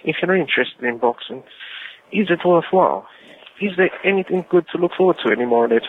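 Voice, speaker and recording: A British man calling in and putting on a deliberately bad Eastern European accent, heard over a phone line. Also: on the high side, lively intonation, a little hiss or hum, lightly acted. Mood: playful. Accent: put-on Eastern European. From United Kingdom. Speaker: caller. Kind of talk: voicemail call-in.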